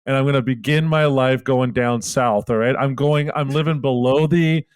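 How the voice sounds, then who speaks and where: A man's voice: mid-range voice, steady tone, normal speed, clear, resonant tone. A man co-hosting a comedy podcast, rambling and joking, laughing often as he talks. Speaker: podcast co-host. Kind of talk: casual comedic banter.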